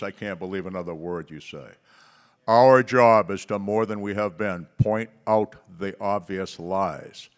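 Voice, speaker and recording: A man with a fairly low voice speaks from the stage of a policy conference. He tells stories with punchy emphasis, slowing down on key words and pausing between phrases. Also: smooth.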